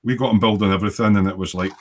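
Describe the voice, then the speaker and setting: A man's voice: fairly low pitch, fairly even intonation, very fast, a little hiss or hum. A man hosting a casual model-making hangout over a video call, teasing his friends and reading out viewer comments.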